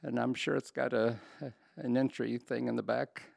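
A man's voice: mid-range voice, flat delivery, normal speed, creaky, darkish tone, no echo, studio quality. An older man co-hosting a podcast, chatting casually and joking with frequent laughs. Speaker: podcast co-host. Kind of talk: casual chat.

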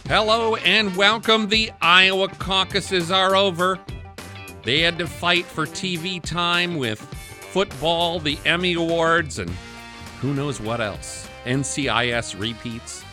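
Man, Wisconsin accent, podcast host, fairly high voice, bright tone, wry chuckles. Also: takes it slowly, soft background music. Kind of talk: political podcast chat.

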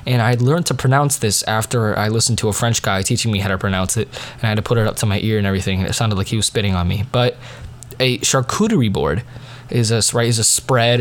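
A man's voice: lowish voice, brisk. A teenage boy telling family stories in a casual, rambling monologue full of fillers and digressions. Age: teens. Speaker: diarist.

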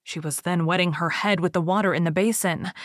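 Low-voiced woman reading a folk tale. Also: steady tone, brisk, no room sound, studio quality. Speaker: storyteller.

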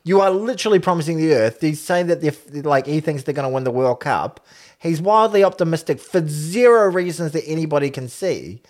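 Animated New man chatting rugby. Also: fairly high pitch, a little fast. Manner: animated, exaggerated retelling with quoted voices. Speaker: podcast co-host. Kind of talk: casual rugby chat.

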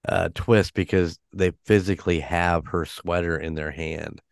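A laid-back man co-hosts a podcast, chatting casually and mostly agreeing with short replies. His voice is low-pitched and smooth, and he is recorded close and dry. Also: steady tone, a little slow, dry recording. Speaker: podcast co-host. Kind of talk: casual chat.

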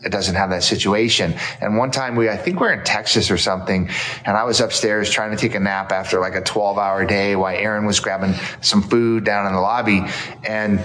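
Low-voiced man telling earnest stories. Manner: earnest, storytelling with animated quotes. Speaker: guest author. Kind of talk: casual conversation.

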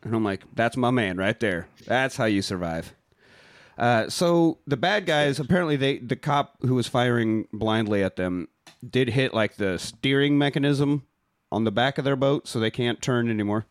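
A man's voice: medium pitch, moderate pace, no echo, clean studio sound. A man co-hosting a podcast, casually recapping a movie and acting out lines for laughs. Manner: jokey, recaps scenes with put-on quotes. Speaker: podcast co-host.

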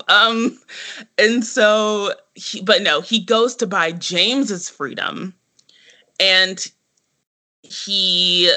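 A man co-hosting a casual podcast, his voice fairly high and strikingly bright. He talks in an animated, rambling way, leaning on "like" and breaking into laughter. The sound is close and clean. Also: drawn-out words, pauses often. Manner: animated, heavy use of "like", frequent laughter. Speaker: podcast co-host.

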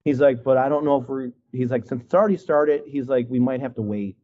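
A man from Wisconsin spins a loose, casual story on a video call, full of likes and you-knows, slipping into the voices of the people he quotes. His voice sits at an ordinary middle pitch, and the call audio sounds a little dull. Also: fast talker. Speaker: guest artist.

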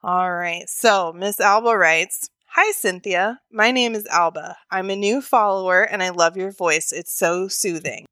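Bright, chatty woman podcast co-host. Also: medium pitch, no echo. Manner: chatty, joking, quick asides. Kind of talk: casual chat, reading a listener story.

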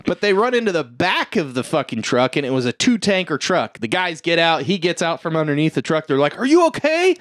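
A man's voice: a little high, fairly quick, hardly any pauses, no room sound, clean studio sound. A man co-hosting a casual podcast, retelling a film scene with lots of swearing and acted-out lines. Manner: animated, profane retelling with acted-out quotes. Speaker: podcast co-host. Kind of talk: casual chat.

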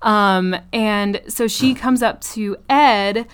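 A woman with a smooth, clean voice at an ordinary middle pitch, chatting on a podcast. She recaps scenes with loose, profane energy and frequent laughter. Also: slow. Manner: animated, profane retelling with laughs. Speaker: podcast co-host. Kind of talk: casual chat.

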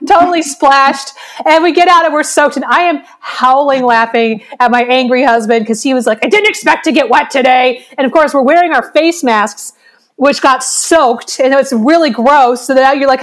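A woman co-hosting a podcast, telling a rambling story in casual chat and often breaking into laughter. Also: high-pitched. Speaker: podcast co-host.

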